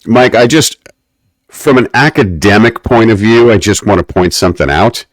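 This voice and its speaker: A man's voice: lowish voice, expressive, normal speed, no echo. A man co-hosting a podcast, recapping an episode in a wry, mock-academic way. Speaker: podcast co-host. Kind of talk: casual podcast recap chat.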